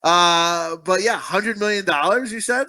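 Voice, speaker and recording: A man's voice: sits high, unhurried, sharp tone. A man co-hosting a movie review podcast, joking crudely with lots of swearing and frequent laughter. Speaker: podcast co-host. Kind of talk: casual movie review chat.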